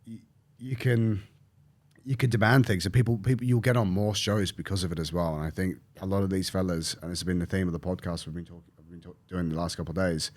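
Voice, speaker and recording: A man chatting as a podcast guest, rambling and swearing, with lots of restarts and animated storytelling. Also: sits low, fast. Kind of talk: casual podcast chat.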